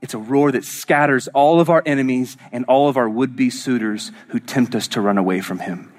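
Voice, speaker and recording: A man preaching a sermon as pastor, swinging from loud rising lines to hushed whispers. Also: mid-range voice, moderate pace.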